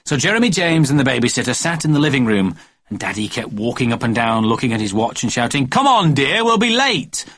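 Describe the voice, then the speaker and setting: A man narrating a children's storybook with expressive cadence. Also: mid-range voice, quick pace, dry recording. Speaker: audiobook narrator.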